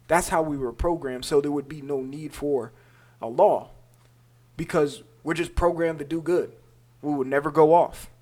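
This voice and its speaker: A man giving a Bible lesson. He talks emphatically, repeats himself, slows down to stress key words and keeps checking in with "all right?". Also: mid-range voice, a little mellow. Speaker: Bible teacher. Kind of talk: scripture lesson.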